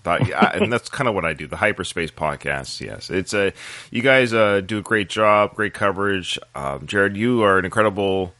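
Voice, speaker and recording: A man's voice: deep voice, lively intonation, normal speed, bright, forceful tone, no room sound. A man hosting a podcast, chatting casually and enthusiastically, joking with his guest. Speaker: podcast host.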